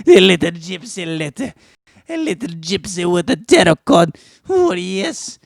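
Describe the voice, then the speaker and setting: A man's voice: high voice, sing-song, measured pace, gravelly, no room sound, clean studio sound, full character voice. A man putting on a hammy mock Slavic accent to play an old woman fortune teller reading tarot cards. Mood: mock-mysterious.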